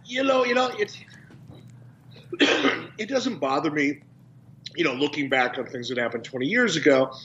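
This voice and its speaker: A man being interviewed as a guest, talking in a measured, businesslike way over a phone line. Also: a little high, lively intonation, background noise. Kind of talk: casual interview.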